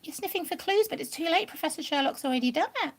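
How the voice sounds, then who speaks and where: A woman's voice: high voice, lively intonation, fast. A woman on a home live stream, coaxing and cooing at her pet rabbit in sing-song baby talk. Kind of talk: doting chat to a pet rabbit. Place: living room at home.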